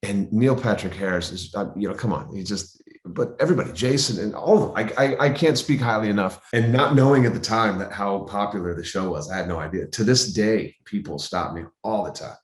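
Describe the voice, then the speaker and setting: Guest actor, male, animated storyteller who plays out the voices he quotes, roomy echo. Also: lowish voice, fairly quick. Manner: animated, acts out quoted voices, frequent restarts. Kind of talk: interview storytelling. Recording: roomy, echoey sound.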